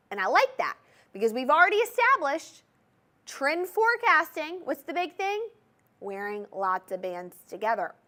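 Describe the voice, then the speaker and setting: A woman's voice: mid-range voice, a bit bright. A young woman with a Southern US accent hosting a live TV jewelry sales show, talking chattily and checking in with viewers. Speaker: shopping channel jewelry host.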